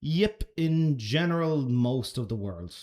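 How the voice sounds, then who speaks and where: A man's voice: medium pitch, expressive, slow pace, darkish tone. An Irish man answering chat questions on a casual live stream, laid-back and chatty, swearing now and then. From Ireland.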